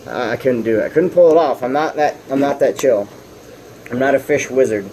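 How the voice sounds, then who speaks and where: A young man from the Southern US with a Texan accent, giving a rambling, halting update about his fish at home and often restarting his sentences. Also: mid-range voice, dark tone, a little hiss or hum, low-quality recording. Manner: coos at his fish in a raised voice. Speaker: fish-keeping vlogger.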